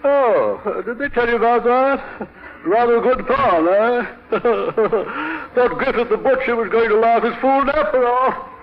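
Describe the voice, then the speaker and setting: An actor with an upper-class English accent playing a bumbling, hearty country squire in a 1950s radio drama, on a dull old broadcast recording. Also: male voice, extremely high pitch, measured pace. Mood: blustering. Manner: hearty, blustering, tossing off tags like "you know" and "what".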